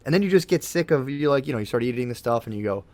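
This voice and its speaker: A man's voice: mid-range voice, animated, very fast, a little mellow, dry recording. A man talking as a podcast guest in a casual, rambling way, swearing often and calling his host "dude". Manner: rambling, laid-back, swears a lot, says "dude". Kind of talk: casual chat. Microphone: podcast studio microphone.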